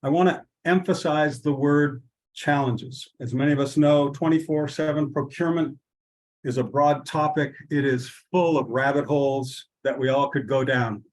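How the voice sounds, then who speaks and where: A man's voice: medium pitch, steady tone, a little mellow, rough recording. Man opening an online workshop. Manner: measured, with frequent fillers and restarts. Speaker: workshop host.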